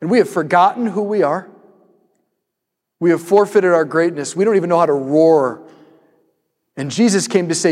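Animated preacher man in a reverberant hall. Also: on the high side, moderate pace, pauses often. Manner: storytelling, animated, rhetorical repetition. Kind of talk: sermon.

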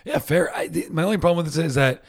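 A man's voice: a little high, fast talker, gravelly, breathy edge. A man co-hosting a podcast in casual chat, rambling and laughing often. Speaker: podcast co-host.

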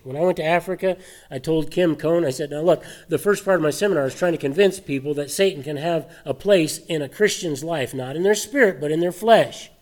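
A man preaching a sermon, animated and full of rhetorical questions and scoffing laughs. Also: on the high side. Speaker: pastor.

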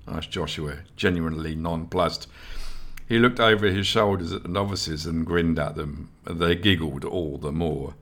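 A man narrating an audiobook in a steady, expressive storytelling manner. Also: low-pitched, moderate pace.

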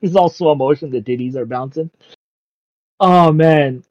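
Giggly high-voiced man recapping anime. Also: a little slow, no echo. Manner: excitable, laughs constantly while retelling; swears casually. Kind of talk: casual chat recapping an anime episode. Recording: dull lo-fi sound.

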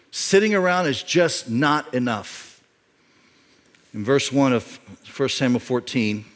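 A man's voice: medium pitch, unhurried. Middle-aged male pastor, mid-range voice, emphatic sermon delivery with echoing hall reverb. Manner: emphatic, repeats key phrases, swings from loud to quiet.

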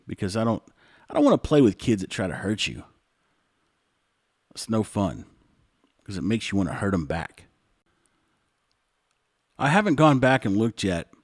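A man's voice: lowish voice, darkish tone, no echo, studio quality. A man hosting a show, telling stories in a rambling, conversational way and often saying "like.". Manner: rambling, conversational, frequent "like" fillers. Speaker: show host. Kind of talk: casual monologue storytelling.

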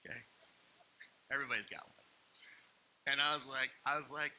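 A man's voice: a little high, steady tone, fast, pauses often, sharp tone, slight background noise, rough recording. A man preaching a sermon as pastor, telling stories with playful asides and acted-out quotes. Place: church hall.

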